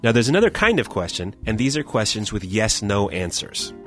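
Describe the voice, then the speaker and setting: A man's voice: on the low side, very animated, brisk, fairly bright tone, faint music behind. A man co-hosting a language-learning podcast, explaining grammar in a playful, teasing way. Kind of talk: scripted language lesson banter.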